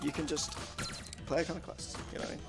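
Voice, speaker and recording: A man's voice: fairly high pitch, level tone, quick pace, vocal fry, over music. A man commentating his own speedrun in a casual, jokey way, laughing often. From United Kingdom. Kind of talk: casual live commentary on a game run.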